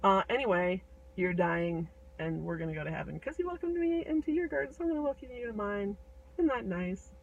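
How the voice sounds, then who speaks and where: A woman voicing a calm, laid-back small boy in a retold fairy tale, talking in relaxed casual slang. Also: medium pitch, brisk, vocal fry, distant mic, highs cut off.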